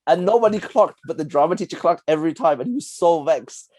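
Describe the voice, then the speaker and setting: A young man, co-hosting a casual podcast chat, rambling through animated stories with lots of laughter. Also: a little high, fast, no room sound. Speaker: podcast co-host.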